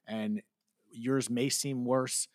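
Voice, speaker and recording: A man's voice: mid-range voice, steady tone, very slow, dry recording. Candid man from New Jersey, dry sound. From New Jersey, USA. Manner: candid and earnest, casual swearing. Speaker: podcast guest. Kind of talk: reflective conversational interview.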